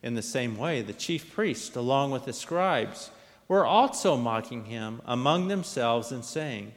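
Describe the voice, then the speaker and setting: A man's voice: medium pitch, animated, unhurried. A man giving a liturgical scripture reading, dramatic in delivery and lifting his voice for the quoted lines. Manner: dramatic, lifts and raises voice for quoted speech. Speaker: scripture reader. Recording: long hall reverb.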